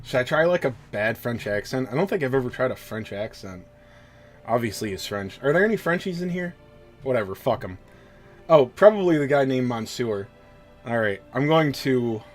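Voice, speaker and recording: A man's voice: mid-range voice, expressive, moderate pace, soft background music. A man chatting casually on a live stream between story lines, swearing, joking at his own expense and easily sidetracked. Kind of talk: casual live-stream chat, reading a game story aloud.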